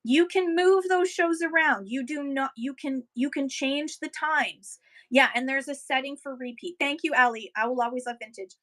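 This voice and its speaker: Bright, high-voiced upbeat woman livestreamer. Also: moderate pace, poor audio. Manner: upbeat, encouraging, thanks viewers by name. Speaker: livestream seller coach. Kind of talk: casual livestream chat, reading viewer comments.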